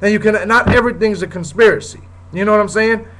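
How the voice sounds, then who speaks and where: A man's voice: sits high, quick pace, fairly bright tone, poor audio. A man hosting his own show, delivering a heated, profane rant in a blunt, repetitive way. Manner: heated, blunt, swears often, repeats "you know what I'm saying". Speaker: show host. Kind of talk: profane ranting commentary.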